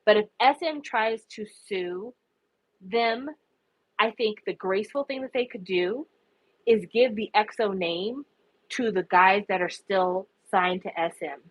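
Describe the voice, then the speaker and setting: A woman's voice: medium pitch, a little slow, poor audio. A woman giving impassioned, profane casual commentary, her voice rising in anguished outbursts. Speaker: K-pop commentary vlogger.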